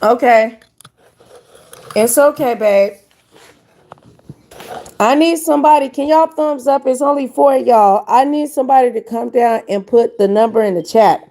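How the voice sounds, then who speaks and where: A woman hosting a casual live stream, chatting with her viewers as "y'all" and reading numbers out slowly. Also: a little high, mellow.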